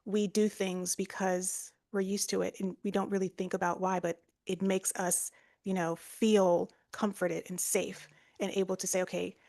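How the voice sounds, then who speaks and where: A woman's voice: mid-range voice, flat delivery, moderate pace, dark tone. Chatty woman podcast co-host. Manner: chatty, explains with lots of fillers and restarts. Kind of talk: casual explanatory chat.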